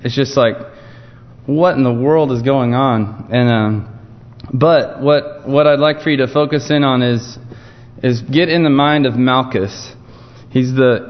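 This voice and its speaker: A man preaching an informal evening sermon, telling a Bible story in a relaxed, conversational way. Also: medium pitch. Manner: conversational, storytelling with frequent restarts. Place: church sanctuary. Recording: dull muffled sound with long church reverb.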